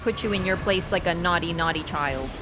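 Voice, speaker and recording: A young woman streams a video game and narrates the action live over game music, her voice fairly low and a little fast. She swears, turns loud and excitable in fights with shrieks and laughter, and scolds her chat bluntly.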